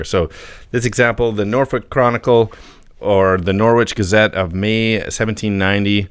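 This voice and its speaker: A man with a fairly low voice co-hosts a casual podcast. He reads old quotes aloud with playful voices and laughs easily. The recording is dry and close. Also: steady tone, moderate pace, clear, resonant tone, no room sound. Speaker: podcast co-host. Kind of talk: casual chat.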